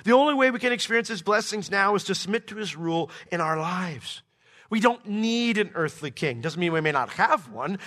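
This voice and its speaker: Middle-aged pastor guy preaching verse by verse, kinda high voice, gets loud then drops soft. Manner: animated, swings from soft to emphatic. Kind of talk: expository Bible teaching.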